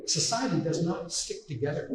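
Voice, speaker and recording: Using slides for a public lecture, an expressive Canadian guest speaker talks at a normal speed, passionate and indignant, driving his points through repetition. His fairly high voice rings through a very echoey hall, sounding far from the mic over a faint hiss.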